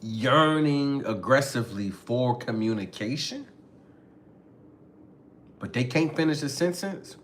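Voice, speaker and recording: A man hosting a casual talk show, slangy and animated, acting out both sides of arguments. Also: mid-range voice, slow pace, long pauses. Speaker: podcast host. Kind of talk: casual talk with acted-out skits.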